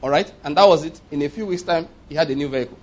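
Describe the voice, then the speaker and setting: A Nigerian man in his fifties preaches with a husky, slightly raised voice. He presses every point hard and keeps asking his listeners if they get it. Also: fairly high pitch, racing. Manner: emphatic, keeps checking the congregation understands. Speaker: pastor. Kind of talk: sermon.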